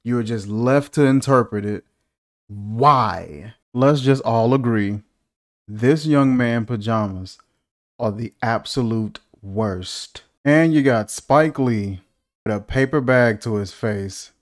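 A man's voice: medium pitch, slow. A man hosting a casual movie reaction, joking and incredulous, asking one rhetorical question after another.

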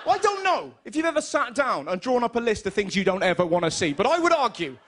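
A young man with an English accent doing a lively stand-up comedy routine on stage, telling stories and acting out his mother's lines. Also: very high-pitched, fast talker, a little hiss or hum. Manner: animated storytelling, puts on his mum's voice in quotes. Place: stage in front of a live audience.

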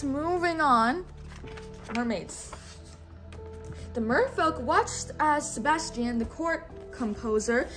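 A woman's voice: sits high, a bit bright. A young adult woman teacher reading a storybook aloud, patiently prompting a child to repeat words after her.

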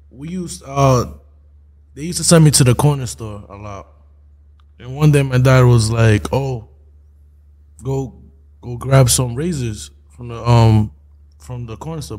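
A man's voice: medium pitch, darkish tone. A young man co-hosting a podcast, telling stories in a loose, slangy, laughing way. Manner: laid-back storytelling, slangy, laughs often. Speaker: podcast co-host. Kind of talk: casual chat.

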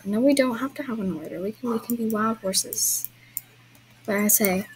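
A woman's voice: medium pitch, normal speed, slight background noise, low-quality recording. A young woman hosting an online horse-riding game event, chatting to viewers and apologizing with little laughs as she plays. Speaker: game vlogger hosting a trail ride. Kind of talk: casual gameplay commentary.

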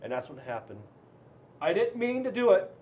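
Man, high voice, storybook read-aloud, expressive, dramatic, swings loud and soft. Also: moderate pace, a little hiss or hum. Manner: expressive, dramatic reading with big swings in loudness. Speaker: police officer reading to children.

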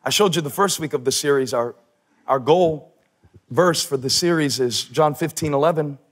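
A man preaching a sermon on a church stage, animated, shouting for emphasis and tossing in joking asides. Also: on the high side, normal speed, husky. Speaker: pastor.

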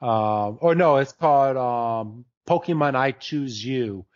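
A podcast co-host with a medium-pitched, darkish voice recaps an episode in a casual chat, speaking slowly, rambling with lots of fillers and restarts, and laughing often. The audio is lo-fi and slightly dull.

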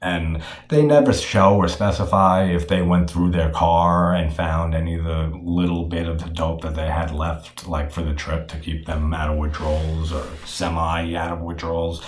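Deep-voiced man in a roomy echo. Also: flat delivery, moderate pace, few pauses. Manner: frank and profane, with many fillers. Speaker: horror film reviewer. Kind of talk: casual film discussion.

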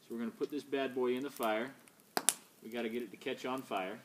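A man's voice: mid-range voice, fairly even intonation, fairly quick, background noise. A tired man hosting a casual vlog outdoors by a fire at night. He jokes and rambles as he talks. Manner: joking, rambling. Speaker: vlogger host.

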